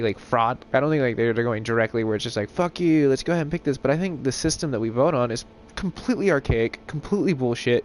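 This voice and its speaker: A man's voice: medium pitch, a little hiss or hum. A young man chatting casually while streaming a game, rambling and swearing, full of filler words. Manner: rambling, profane, lots of "like" fillers. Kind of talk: casual gaming stream chat.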